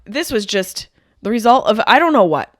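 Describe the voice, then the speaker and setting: Lively comedic woman ranting. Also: a little high, normal speed, no echo. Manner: animated, profane, riffing with mock rants. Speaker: podcast host. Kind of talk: comedic monologue.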